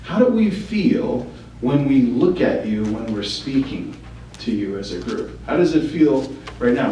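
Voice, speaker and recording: A man's voice: medium pitch, sing-song, measured pace, warm tone, a little hiss or hum. A man leading a training session, asking the group questions and giving feedback. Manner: coaching, asks the group questions. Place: training room. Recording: echoey room from far off.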